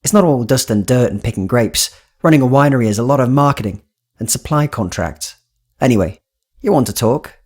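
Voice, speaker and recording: Smooth young businessman, upbeat quick patter, husky tone, as a male narrator puts him on. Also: mid-range voice, lively intonation, darkish tone. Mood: friendly. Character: slick, friendly young businessman, smooth talker.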